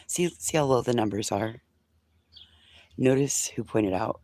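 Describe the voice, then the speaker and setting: A man's voice: on the low side, animated, a little fast, pauses often, darkish tone. A man hosting a casual morning livestream chat. He talks sarcastically, swears, and drops into whispered asides. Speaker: livestream host.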